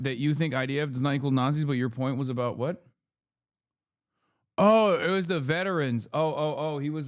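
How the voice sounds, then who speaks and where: A man's voice: medium pitch, no room sound, studio quality. A male streamer giving heated, profane reaction commentary full of rhetorical questions. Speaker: streamer host.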